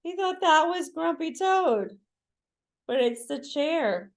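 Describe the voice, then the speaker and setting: A woman reading a picture book aloud to children, pausing to ask listeners to fill in the words. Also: sits high, expressive. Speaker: children's story reader.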